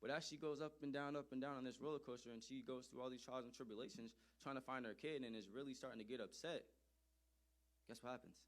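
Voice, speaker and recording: A man's voice: mid-range voice, fast. Emphatic man telling a personal story. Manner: animated, emphatic, repeats phrases for effect. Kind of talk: storytelling address to an audience.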